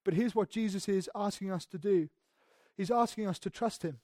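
A male pastor preaching a sermon in a church, earnest, moving between hushed passages and emphatic ones and often restarting his words. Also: high-pitched, moderate pace, no echo, studio quality. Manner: repeats words when restarting.

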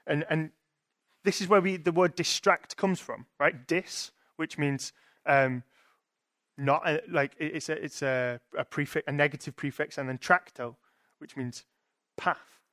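A young man preaches in a chatty, thinking-aloud way, often restarting and checking in with his listeners. His voice sits a little high for a man. The sound is dry and close, with no room around it. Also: measured pace, fairly bright tone, no echo. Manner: conversational, thinking aloud with frequent restarts and rhetorical "right?". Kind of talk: sermon.

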